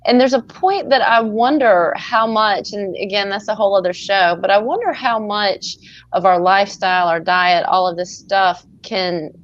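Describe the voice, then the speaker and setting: A woman's voice: mid-range voice, normal speed, dry recording. Enthusiastic woman co-host, dull lo-fi sound. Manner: enthusiastic, agreeing. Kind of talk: casual chat.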